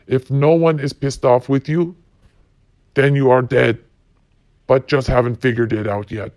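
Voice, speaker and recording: A man's voice: medium pitch, steady tone, a little slow, long pauses, a little mellow, no room sound. A man hosting a solo podcast, ranting bluntly and profanely while reading quotes. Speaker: podcast host.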